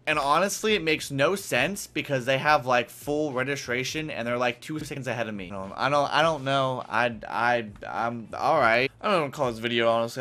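Young male gamer host, bright and sharp-toned, hyped profane trash talk, rambling with lots of "like". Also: medium pitch, animated, normal speed, hardly any pauses. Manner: rambling with many fillers. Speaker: gaming channel host. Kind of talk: casual gameplay commentary.

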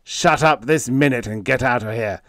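A gruff, blustering old ship captain in a sci-fi audiobook, voiced by a male narrator, speaking somewhat higher and louder than the narrator's own voice. His talk is folksy and ungrammatical, and the sound is dry and close. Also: moderate pace, dry recording, natural voice.

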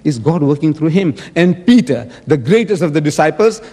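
Guy arguing hard at a debate, kinda high voice, big hall echo all around. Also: animated, moderate pace, dark tone, slightly rough. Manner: emphatic, argumentative, acting out quoted speech. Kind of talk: public debate speech. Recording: long hall reverb.

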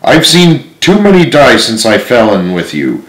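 A man's voice: mid-range voice, wildly swooping pitch, measured pace, fairly bright tone, roomy sound, poor audio. A man reading aloud and voicing a bold teenage boy cabin hand who speaks up earnestly and defiantly. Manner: earnest, raised and breathless defiance. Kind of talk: storybook read-aloud acting.

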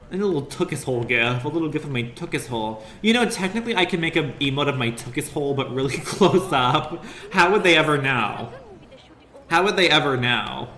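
Young male streamer, crude rambling humor, bright voice, echoey room. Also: mid-range voice. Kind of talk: casual gaming stream commentary. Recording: roomy echo with faint ambient noise.

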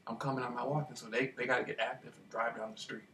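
A man telling a rambling personal story in a casual monologue, repeating himself and getting animated as he retells it. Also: mid-range voice, rapid-fire. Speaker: vlogger. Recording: distant mic with faint background noise.

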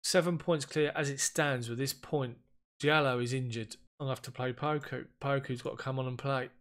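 A man giving casual commentary on a football management game, getting excited and frustrated as chances slip away. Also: mid-range voice, moderate pace. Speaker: gaming YouTuber.

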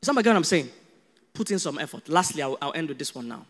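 Nigerian male pastor, slightly high voice, lively sermon, echoing hall. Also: rapid-fire. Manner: animated, humorous, acts out dialogues.

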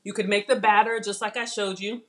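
A woman's voice: mid-range voice, steady tone, fairly quick. A middle-aged woman hosting a live cooking stream in her home kitchen, chatting casually, laughing and reading viewer comments aloud.

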